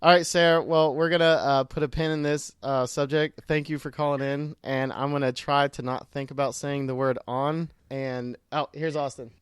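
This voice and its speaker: A man's voice: fairly high pitch, moderate pace, hardly any pauses, smooth, no echo, clean studio sound. Laughing young man with a light Southern accent. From Cincinnati area, US. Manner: laughs often, relaxed and self-deprecating. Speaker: podcast co-host. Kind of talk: casual podcast chat.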